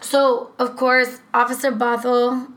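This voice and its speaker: A woman co-hosting a casual true-crime podcast, talking in a rambling, profane, animated way. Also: on the high side, slow, rough recording. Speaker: podcast co-host.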